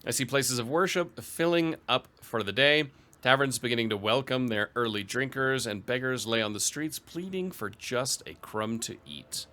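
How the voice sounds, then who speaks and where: Bright-voiced man narrating gameplay. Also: medium pitch, normal speed. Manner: dry, wry asides, reads event text aloud. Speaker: let's play host. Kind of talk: gameplay commentary reading event text.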